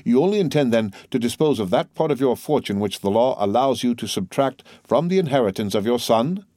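A man playing a formal, patient notary who asks measured, careful questions. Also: medium pitch, expressive, dark tone, no echo, pitched above the performer's own voice, natural voice. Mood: probing.

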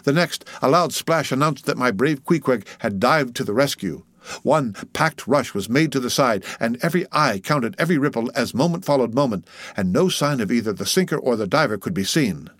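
A man's voice: mid-range voice, lively intonation, a bit bright, no room sound. Man narrating a classic sea story. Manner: measured, dramatic storytelling. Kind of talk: audiobook narration of a classic novel.

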